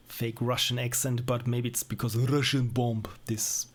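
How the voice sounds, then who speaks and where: With music playing in the background, a young streamer casually reviews small indie games, rambling, poking fun at himself, and chuckling often. His voice is medium-pitched and level, delivered at a measured pace.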